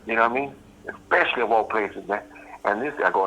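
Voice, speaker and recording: A man's voice: on the low side, fast talker, sharp tone, highs cut off. A middle-aged man, telling a prison-life story bluntly and with profanity. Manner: blunt, profane, streetwise, repeats "you know what I mean". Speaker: host. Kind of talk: casual storytelling.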